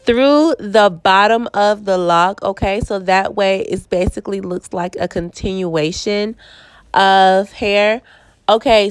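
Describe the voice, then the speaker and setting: A woman's voice: medium pitch, clear, resonant tone, dry recording. A young woman with a Southern US accent, stuffy and congested from a cold, chatting casually through a hair tutorial and checking in with "okay?". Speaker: hair stylist vlogger.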